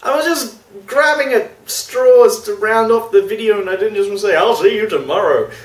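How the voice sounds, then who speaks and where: A man's voice: high-pitched, normal speed. A young man talking casually and self-deprecatingly in a video diary, recorded from a distance in a room. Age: young adult. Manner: chatty, self-deprecating, animated. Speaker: vlogger. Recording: roomy, distant mic.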